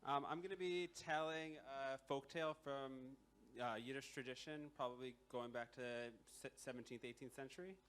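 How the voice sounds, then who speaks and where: A man's voice: mid-range voice, fairly even intonation, moderate pace, a bit bright, clean tone. A young man telling a folktale live at a campus show, casual, with many fillers and wry asides. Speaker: storyteller. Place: live university culture show.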